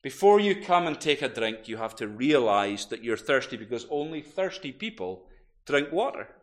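A man preaching a sermon, telling a story vividly and building to loud, emphatic peaks. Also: mid-range voice, sing-song, moderate pace.

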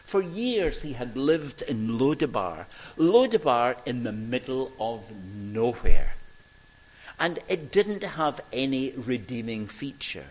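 An older man from Scotland, preaching a sermon and telling stories with emphatic pauses and voices for the people he quotes. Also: medium pitch, sing-song, low-quality recording.

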